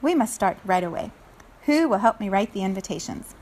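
A woman's voice: mid-range voice, lively intonation, fairly quick, a little mellow, slight background noise, natural voice. A woman doing a bossy, fed-up iguana. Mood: determined. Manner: insistent, exasperated. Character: bossy, hardworking female iguana.

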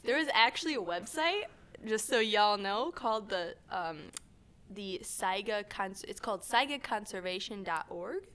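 A woman's voice: mid-range voice, expressive, moderate pace, fairly bright tone. A woman co-hosting a podcast, casually explaining animal facts and laughing often. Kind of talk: casual chat.

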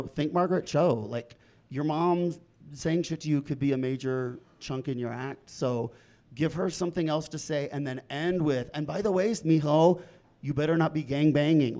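A man's voice: on the high side, a little mellow. Playful teasing male comedy judge. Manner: playful, teasing, fast asides. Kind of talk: lively critique of a comedian.

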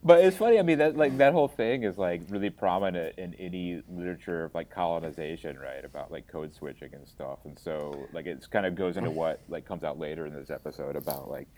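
A man from Florida co-hosting a podcast, cracking wry jokes and musing out loud in casual chat. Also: deep voice, a little fast, hardly any pauses, slight background noise. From Florida, USA. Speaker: podcast co-host.

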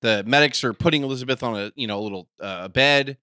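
A man retelling a story in casual podcast chat, animated and acting out what people said. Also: medium pitch, fast, smooth, dry recording.

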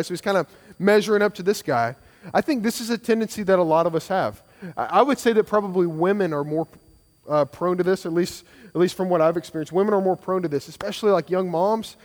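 A man's voice: sits high, fast talker, in a large hall. A man preaching a sermon as pastor, earnest and conversational, with frequent restarts and repeated phrases.

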